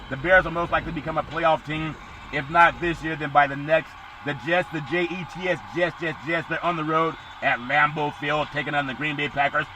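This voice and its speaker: A man hosting a casual sports podcast, rambling jokily through the weekend's football schedule with sudden loud bursts. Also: a little high, a little hiss or hum, low-quality recording.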